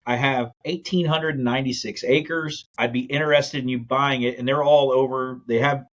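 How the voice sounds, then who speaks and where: A man's voice: mid-range voice, highs cut off. A man telling his business story in a podcast interview, acting out the quotes as he goes. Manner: fast, animated storytelling with acted-out quotes. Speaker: guest, land investor.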